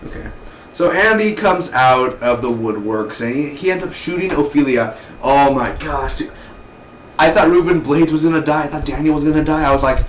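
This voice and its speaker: A man giving a casual, excitable spoken TV review, full of slang and mock voices for the characters. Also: a little high, normal speed, roomy sound, a little hiss or hum, rough recording. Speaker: TV show reviewer.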